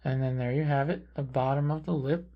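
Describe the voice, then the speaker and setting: A man calmly talking through a portrait painting tutorial, thinking aloud as he paints. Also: medium pitch, lo-fi sound. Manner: calm, unhurried, thinking aloud while painting. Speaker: painting instructor. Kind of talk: relaxed painting tutorial narration.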